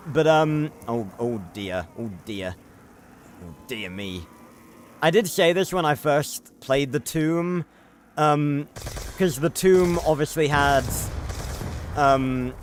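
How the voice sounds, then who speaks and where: A man's voice: a little high, a little hiss or hum. Chatty young British man. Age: young adult. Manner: rambling, self-correcting, chatty. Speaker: game streamer. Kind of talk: casual livestream chat.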